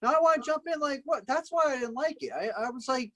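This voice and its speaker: A man in a casual movie review chat, excitable, cutting in, cursing and laughing. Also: very high-pitched, a little fast, a loud crowd. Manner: excitable, interjects, swears, laughs. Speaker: podcast co-host.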